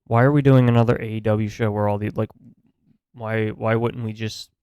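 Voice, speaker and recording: A man co-hosting a podcast in laid-back casual chat, pausing often on small fillers. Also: fairly low pitch, fairly even intonation, smooth, no echo, highs cut off. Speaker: podcast co-host.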